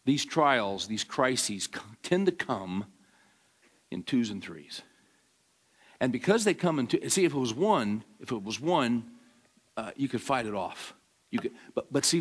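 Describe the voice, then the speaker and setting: A pastor preaching a sermon, starting quiet and building to loud, emphatic delivery with many repeated words. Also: male voice, mid-range voice.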